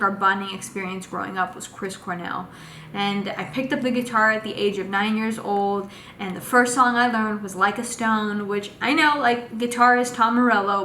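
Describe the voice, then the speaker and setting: A young woman casually telling a personal story in a vlog, animated and full of fillers. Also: medium pitch. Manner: animated, acts out quotes with lots of fillers. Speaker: vlogger. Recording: echoey room with faint noise.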